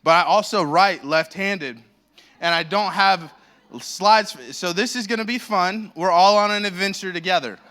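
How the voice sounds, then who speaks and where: American male guest pastor, higher voice, crisp and clear, wry rambling humor, handheld mic in church. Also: normal speed, sharp tone. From United States. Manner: self-deprecating, joking and rambling. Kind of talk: sermon. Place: church sanctuary. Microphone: handheld microphone.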